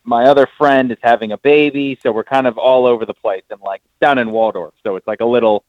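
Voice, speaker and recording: A man's voice: mid-range voice, fairly even intonation, quick pace, dry recording. Male guest on a phone line, rambling and restarting, casual. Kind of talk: casual chat.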